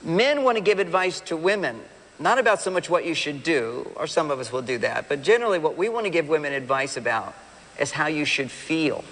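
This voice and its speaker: A man with a notably high voice gives an animated seminar talk to a live audience. He throws questions at the crowd and slips into little acted-out quotes. His words ring with a long hall reverb. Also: fairly quick. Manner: animated, acts out quoted partners and addresses the audience directly. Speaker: relationship speaker.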